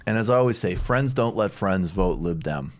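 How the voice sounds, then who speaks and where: A man with a low, expressive voice hosts a political commentary podcast at a moderate pace. He chats loosely with his guest, wandering off on tangents and filling his speech with "like."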